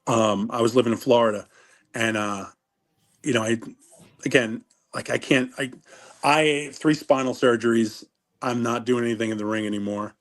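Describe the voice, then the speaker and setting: A man's voice: mid-range voice, normal speed, a bit bright. Rambling middle-aged man. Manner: rambling, self-interrupting storyteller. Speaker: interview guest, former wrestler. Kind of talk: casual interview chat.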